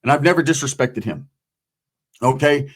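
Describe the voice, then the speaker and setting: A man's voice: medium pitch, moderate pace, husky. A middle-aged man giving a casual monologue commentary, talking in street slang and dropping "man" and "right?" often. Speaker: YouTube commentator.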